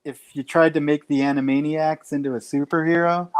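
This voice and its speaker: A man's voice: fairly high pitch, fairly even intonation, fairly quick, smooth. A man in a casual podcast chat, joking and teasing the others.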